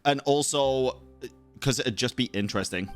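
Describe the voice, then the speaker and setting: A man's voice: mid-range voice, moderate pace. Male streamer, casual joking commentary with swearing, faint game music. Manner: profane, joking. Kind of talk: casual let's-play commentary.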